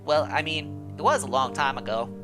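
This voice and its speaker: A man voicing a kindly, chatty old woman housekeeper in a game, in a high fluttery put-on voice. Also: animated, normal speed, music in the background, lightly acted.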